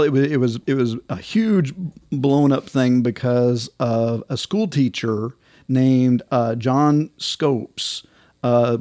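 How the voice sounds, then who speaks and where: A man's voice: medium pitch, a little mellow, no room sound. Man chatting on a podcast, dry sound. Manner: rambling, full of fillers and restarts. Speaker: podcast co-host. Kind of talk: casual podcast chat.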